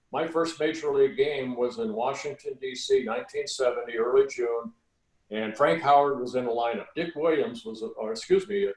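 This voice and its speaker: A man in his sixties, a former pitcher, telling relaxed anecdotes as a podcast guest, with frequent "uh" and "you know". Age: 60s. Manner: relaxed anecdotal storytelling with many fillers. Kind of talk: storytelling in a podcast interview. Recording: roomy echo.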